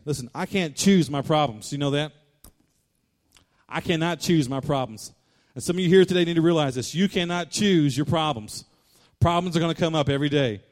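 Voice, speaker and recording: Fervent male preacher repeating for emphasis. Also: fairly high pitch. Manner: fervent preaching, repeats lines for emphasis, rises to loud declarations. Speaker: pastor. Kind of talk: sermon.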